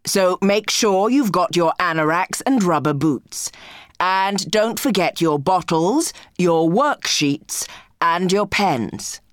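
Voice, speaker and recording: A woman's voice: fairly low pitch, expressive, slow, no echo, clean studio sound. A woman voicing a practical male teacher who speaks in a plain, reassuring way. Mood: instructing.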